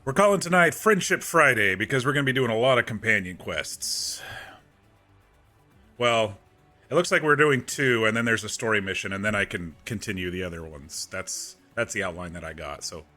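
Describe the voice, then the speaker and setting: Bright-voiced man streaming casually. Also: lowish voice, animated, moderate pace, soft background music. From United States. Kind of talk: casual live-stream chat. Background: game soundtrack playing faintly.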